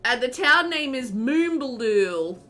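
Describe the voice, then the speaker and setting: Chatty Australian woman, bright voice. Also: high-pitched, expressive, slow, faint music behind. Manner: rambling, chatty, many fillers like "like" and "um". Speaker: game streamer. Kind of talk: casual chat while live-streaming a game.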